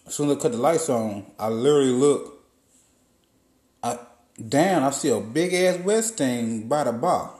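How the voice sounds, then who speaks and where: A man hosting a podcast, telling a profane comic story in a loose, animated way and acting out what people said. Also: medium pitch, normal speed. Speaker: podcast host. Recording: roomy echo.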